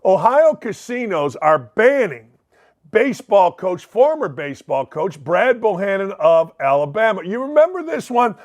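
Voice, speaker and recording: A man's voice: sits high, big pitch swings, moderate pace. An older man with a Northwest Indiana, Chicagoland accent, hosting a sports talk show in a blunt, rambling monologue full of folksy asides. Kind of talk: opinionated monologue.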